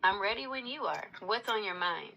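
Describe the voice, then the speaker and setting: A woman's voice: medium pitch, expressive, moderate pace, vocal fry, sharp tone, highs cut off. A female AI assistant voice answering politely and earnestly, sometimes borrowing a folksy drawl. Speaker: AI chat assistant. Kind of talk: AI voice answering on a livestream.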